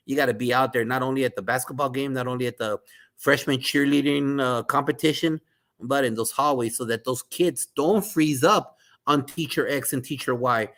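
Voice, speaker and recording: A man's voice: medium pitch, fairly bright tone. A man in his fifties, a school administrator, talking animatedly as a podcast guest and repeating his words like a coach giving a pep talk. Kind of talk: casual interview talk.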